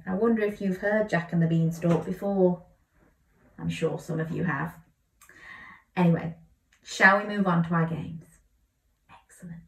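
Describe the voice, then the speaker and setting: A woman reading a children's story aloud, animated and inviting listeners to join in, a little away from the mic in a roomy space. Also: fairly low pitch. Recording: roomy, slightly distant mic.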